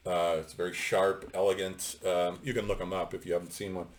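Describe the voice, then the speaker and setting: Middle-aged male lecturer, low-pitched, rambling and opinionated, with frequent fillers. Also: flat delivery, brisk. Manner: discursive, opinionated, many fillers. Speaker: literature lecturer. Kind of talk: unscripted book commentary.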